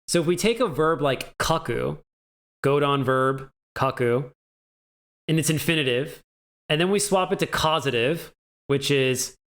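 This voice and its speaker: A man giving a casual video language lesson, chatty and joking, often checking in with "right?". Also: a little high. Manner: chatty, laughs at own jokes, asks "right?" often. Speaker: language teacher.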